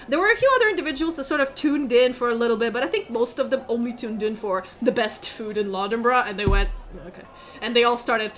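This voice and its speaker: A woman's voice: on the high side, fairly bright tone. A woman narrating as game master of a tabletop role-playing game, chatty with many fillers.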